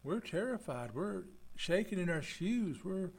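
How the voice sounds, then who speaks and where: A man's voice: high voice, very animated, measured pace, gravelly, husky. A man preaching a folksy sermon as pastor, acting out the people he quotes. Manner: folksy, acts out quoted voices.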